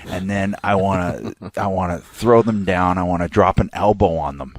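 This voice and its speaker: A man's voice: low voice, moderate pace, dry recording, clean studio sound. A man co-hosting a podcast, trading jokes and mock trash-talk in casual banter. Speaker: podcast co-host.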